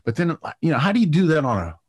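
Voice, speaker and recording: A middle-aged man telling a lively story in an interview, full of fillers, repeated words and restarts. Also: fairly high pitch, fast talker, breathy edge. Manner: animated anecdote-telling with many fillers and restarts. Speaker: TV producer guest.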